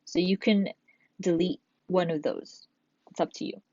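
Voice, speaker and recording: A woman's voice: on the low side, fairly even intonation, measured pace, a little mellow, no room sound. A woman teacher giving a recorded grammar lesson, patiently explaining step by step and reading examples aloud. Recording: dull, dry lo-fi sound.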